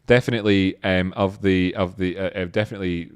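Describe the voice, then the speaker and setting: A man's voice: low voice, fairly even intonation, fairly quick, clear, resonant tone, no room sound, clean studio sound. A Scottish man hosting a livestream in a casual, rambling chat full of fillers. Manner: rambling, laid-back, with frequent fillers. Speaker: livestream host.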